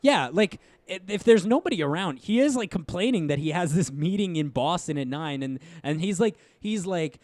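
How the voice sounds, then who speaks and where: A young man riffs through a movie review with a fairly high, wildly swinging voice. He swears freely and mocks the scenes he describes. The sound is close and dry. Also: expressive, brisk, hardly any pauses, darkish tone, no room sound. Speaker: podcast co-host. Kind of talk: casual movie review chat.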